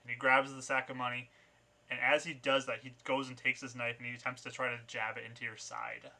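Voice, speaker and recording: A man running a tabletop game as game master, narrating scenes in a loose, chatty way. His voice is very bright and forward. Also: medium pitch, level tone, a little fast, gravelly. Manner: loose, conversational narration with fillers.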